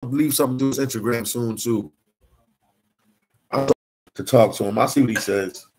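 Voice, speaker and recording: A man vlogging from the Dominican Republic reads viewer comments aloud in a casual, slangy live-stream chat and reacts with energy. His medium-pitched voice moves at a moderate pace over slight background noise and poor audio.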